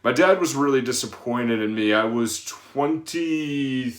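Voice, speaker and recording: A man's voice: medium pitch, unhurried, reverberant. A man in his thirties, a personal trainer, giving casual advice in a rambling way with many fillers and restarts. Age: 30s.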